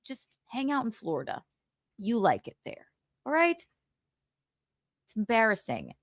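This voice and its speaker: A woman's voice: on the high side, big pitch swings, normal speed, no room sound, clean studio sound. A woman hosting a gossip livestream, mocking and insulting with frequent laughs. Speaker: livestream host.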